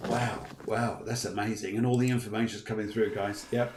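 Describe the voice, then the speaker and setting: A man's voice: lowish voice, flat delivery, a little fast, very noisy. A man hosting a live online chat show as a medium, chatty and playful as he reads out viewer messages. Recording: echoey room.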